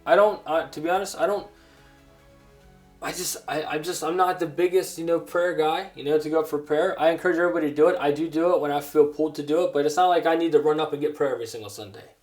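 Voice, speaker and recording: A grown man preaching a personal testimony sermon, earnest and halting, with many restarts. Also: a little high, faint music behind. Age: adult.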